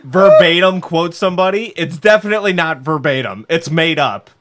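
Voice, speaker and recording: A man's voice: fairly high pitch, moderate pace, fairly bright tone. A man co-hosting a casual sports podcast, dropping dry, wry comments. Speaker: podcast co-host.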